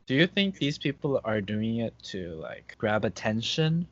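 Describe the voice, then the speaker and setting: A man in a casual chat, animated and jumping up in pitch for emphasis. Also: measured pace. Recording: dull lo-fi recording.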